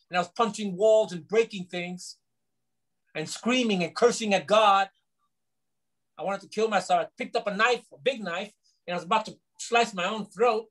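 A middle-aged pastor from New York, telling stories in a fairly high voice. He teaches through personal testimony and acts out the dialogue of each scene. The talk is lively and conversational, like a small-group sermon. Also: low-quality recording. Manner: animated storyteller, acts out dialogue.

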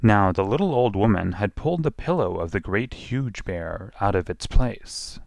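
A man's voice: fairly low pitch, expressive, moderate pace, vocal fry, a little mellow, no room sound. A man narrating a children's storybook expressively, drawing out repeated phrases.

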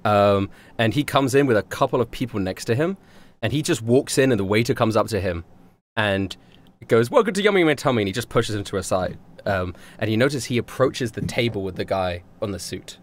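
A man's voice: fairly low pitch, a little fast. A man narrating a tabletop game as dungeon master, rambling with fillers and laughs.

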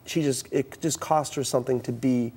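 A man's voice: mid-range voice, normal speed, a little hiss or hum. A middle-aged man from the US East Coast, telling stories in a talk-show interview and acting out the dialogue. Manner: animated, acts out quoted dialogue, frequent restarts. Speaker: youth speaker.

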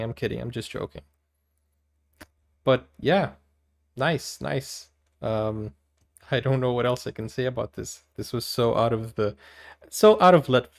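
A man from Brazil, hosting casual movie reaction commentary, chatty and giggly, with animated exclamations. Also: medium pitch, measured pace, vocal fry, pauses often.

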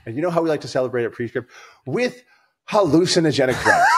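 A man's voice: on the high side, sing-song, fast talker, husky. A man co-hosting a podcast, telling stories in casual chat, rambling and swearing freely. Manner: profane, rambling storyteller. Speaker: podcast co-host.

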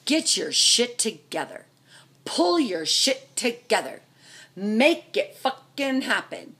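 A middle-aged American woman venting furiously to camera, swearing constantly and swinging between loud outbursts and low, seething mutters. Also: sing-song, takes it slowly, husky. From United States. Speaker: vlogger, trucker's wife. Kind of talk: angry venting rant to camera.

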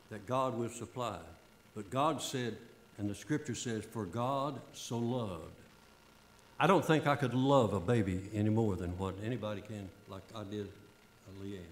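Older preacher in an echoey church. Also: male voice, fairly low pitch. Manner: fervent, repeats phrases for emphasis. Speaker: pastor. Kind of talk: sermon. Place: church sanctuary.

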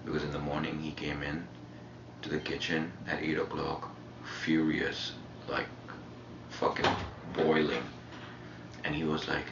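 A man's voice: rumbling low, flat delivery, a little slow, gravelly. A man with an Indian English accent, chatting casually in a laid-back, profane, rambling way as a reality show contestant in a shared house. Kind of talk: casual chat. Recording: muffled roomy house-cam audio with background noise.

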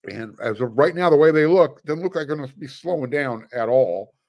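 His voice is a little high, expressive, slightly fast and a little mellow as he hosts a sports podcast. The casual commentary comes out chatty, with fillers, frequent restarts and dry sarcastic asides.

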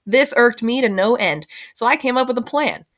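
A woman's voice: on the high side, animated, moderate pace, a bit bright. A woman teacher reading a first-person novel aloud in plain storytelling, sometimes correcting herself.

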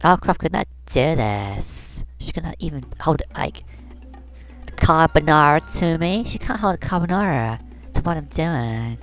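A woman's voice: low-pitched, expressive, moderate pace, soft background music. A woman voicing a vain, catty fashion doll who talks in valley-girl slang and brags while commenting on a game. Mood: boastful. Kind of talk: comedic game commentary in character.

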